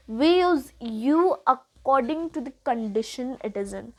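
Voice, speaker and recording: A young woman with a high voice and an Indian English accent teaches grammar in an unhurried classroom manner. She repeats each point and drops into Hindi to explain things. She talks to the learner as a teacher would. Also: animated.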